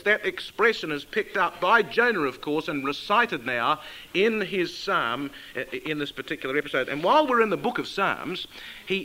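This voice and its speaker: A man with a high-pitched voice leads a Bible study, his tone bright and forceful. He puts questions to the class and reads the verses out slowly, stressing each phrase. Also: low-quality recording. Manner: asks the listeners questions, reads scripture aloud slowly and with emphasis. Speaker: Bible teacher.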